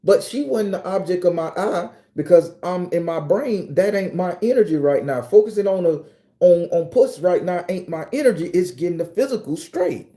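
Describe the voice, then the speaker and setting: A man's voice: high voice, lively intonation, normal speed, dark tone. A man streaming live, telling a story in loose, profane casual talk, sweaty after a workout. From United States. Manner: loose and profane, laughs often, talks to chat by name. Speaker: vlogger.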